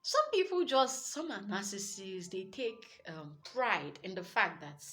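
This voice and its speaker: A young adult woman with a Nigerian accent giving earnest, lively relationship advice as a coach, with Pidgin asides. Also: medium pitch, measured pace, hardly any pauses, faint music behind. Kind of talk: motivational advice talk.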